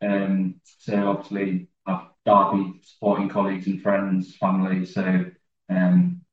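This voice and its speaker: A man's voice: low voice, monotone, measured pace. A man, a football fan guest, talking hesitantly with many ums. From England. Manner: hesitant, lots of ums, self-deprecating. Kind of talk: remote podcast interview. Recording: roomy distant dull call audio.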